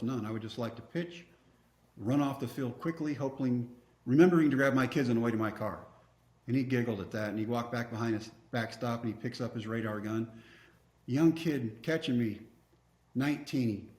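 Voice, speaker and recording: A man in his fifties from Texas, a podcast guest telling a story in an animated way, acting out dialogue with wry, self-mocking humor. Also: mid-range voice, a little fast. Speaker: podcast guest, former pitcher. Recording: roomy echo.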